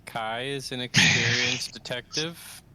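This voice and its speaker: A man's voice: medium pitch, steady tone, measured pace, bright, forceful tone. A man playing a tabletop game, laying out the group's plan in casual chat. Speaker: player.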